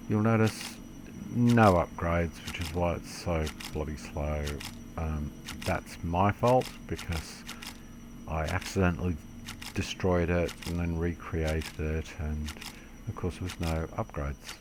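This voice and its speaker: A man's voice: low-pitched, fairly even intonation, slow, background noise. A man giving a casual, rambling game tutorial commentary, self-deprecating and swearing mildly. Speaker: gaming video creator.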